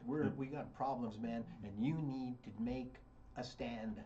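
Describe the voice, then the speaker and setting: A man's voice: mid-range voice, a little slow, mellow, highs cut off, a little hiss or hum. A man talking politics on a radio show, blunt, heated and mocking.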